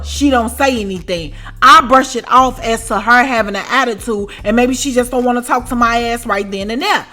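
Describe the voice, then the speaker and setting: Profane high-voiced woman telling a story. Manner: profane, animated, keeps asking "you know what I'm saying". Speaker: storytime vlogger. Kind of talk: casual storytelling.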